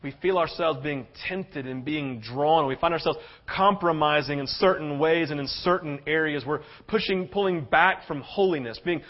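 A man's voice: on the high side, normal speed. Impassioned male pastor, lo-fi sound. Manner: impassioned, swings from loud urgent to hushed and tender. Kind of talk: sermon. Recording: dull lo-fi sound.

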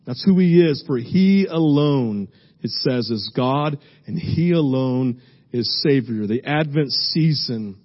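A man's voice: medium pitch, lively intonation, slow, lo-fi sound. A man preaching a sermon as pastor, emphatic and repetitive, driving his points home with repeated phrases.

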